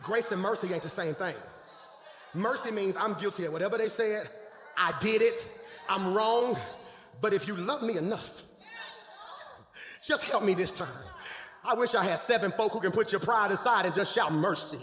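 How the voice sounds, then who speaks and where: A man preaching a lively sermon as pastor, with shouted bursts and casual slang. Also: high voice, moderate pace, long pauses, a little hiss or hum. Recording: echoey hall.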